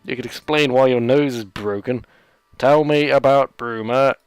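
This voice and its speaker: A man's voice: mid-range voice, steady tone, normal speed, clear, resonant tone, no room sound. A man hosting a let's play, giving rambling, sarcastic gameplay commentary full of jokey asides.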